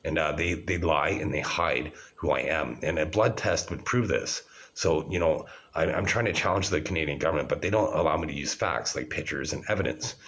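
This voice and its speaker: A man's voice: a bass voice, brisk, few pauses, fairly bright tone. A man in his forties talking to camera in an agitated, rambling, profane monologue. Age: 40s.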